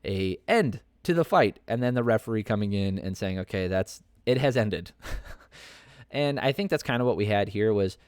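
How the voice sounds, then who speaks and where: A man's voice: lowish voice, animated, moderate pace, darkish tone, smooth, dry recording, studio quality. A man hosting a podcast, giving casual, opinionated fight commentary that rambles with many fillers and restarts. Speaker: podcast host.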